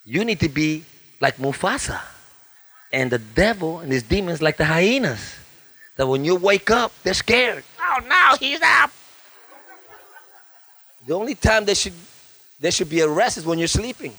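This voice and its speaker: A middle-aged male pastor, preaching a lively sermon with humor, chanted repetition and sudden shifts between loud high bursts and soft low asides. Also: normal speed, husky. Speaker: guest pastor. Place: church.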